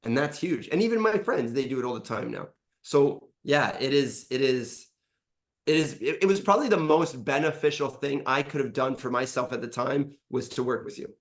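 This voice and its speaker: A middle-aged man giving a frank interview testimonial as a coaching client, animated, swearing freely and acting out past conversations. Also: mid-range voice, moderate pace.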